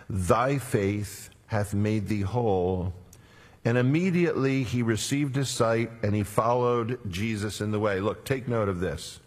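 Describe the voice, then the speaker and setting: A man preaching a sermon, retelling scripture dramatically and dropping to hushed tones for quoted words. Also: lowish voice, slightly rough. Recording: long reverb of a large hall.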